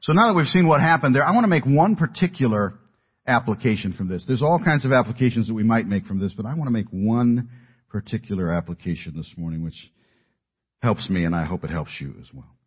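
A middle-aged man preaching a sermon in an earnest, emphatic way, dropping his voice low at key words. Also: animated, fairly quick, slightly rough. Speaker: pastor. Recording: dull lo-fi audio.

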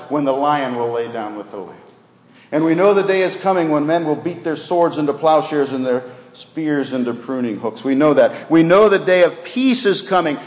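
Man preaching in a reverberant sanctuary. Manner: earnest, rises for emphasis then drops low, repeats words. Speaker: pastor. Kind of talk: sermon. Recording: dull roomy recording with long reverb.

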